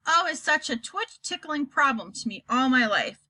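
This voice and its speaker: A woman's voice: sits high, animated, moderate pace, sharp tone, full character voice. A woman voicing a very old, kindly male giant who jumbles his words, in a storybook reading. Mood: forlorn. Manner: jumbled grammar, delighted, playful.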